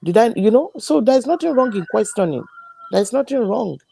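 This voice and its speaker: Female panelist, mother, gravelly and warm, earnest. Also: a little high, lively intonation, moderate pace, a little hiss or hum. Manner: earnest, explaining patiently. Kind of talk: online debate.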